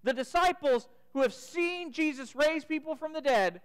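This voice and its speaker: A man preaching a sermon, retelling a story dramatically and sometimes dropping to a hush. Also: very high-pitched, animated, moderate pace. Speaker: pastor. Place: church sanctuary. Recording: church sanctuary with long reverb.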